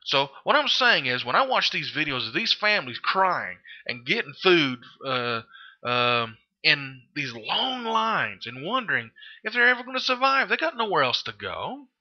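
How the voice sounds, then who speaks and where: Indignant man with a lively voice. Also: fairly high pitch, normal speed, highs cut off. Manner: indignant, rhetorical questions, repeated hesitations. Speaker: political video commentator. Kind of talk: impassioned monologue.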